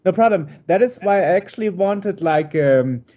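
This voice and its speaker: Higher-voiced male interviewer, muffled sound. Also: expressive, normal speed. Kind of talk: casual interview talk.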